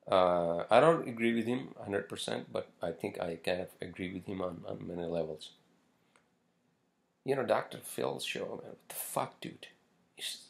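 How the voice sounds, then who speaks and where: A man hosts a casual solo podcast in a low, gravelly voice. He rambles and curses freely, with plenty of fillers and restarts. His pitch rises and falls in a lively way as he talks. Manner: rambling, profane, many fillers. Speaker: podcast host.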